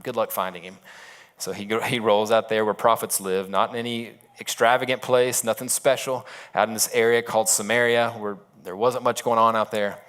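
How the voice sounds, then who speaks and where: A man's voice: lowish voice, steady tone, fairly quick, few pauses, fairly bright tone, clean tone. A man preaching a sermon as a pastor, retelling a story in a casual, conversational way with asides.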